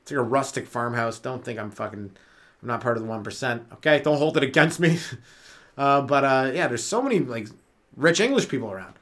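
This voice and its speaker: Medium in pitch, animated and fairly bright, the voice moves a little fast. It belongs to a Canadian man doing a comedy podcast by himself on little sleep, rambling loosely, swearing freely, and chuckling at his own jokes.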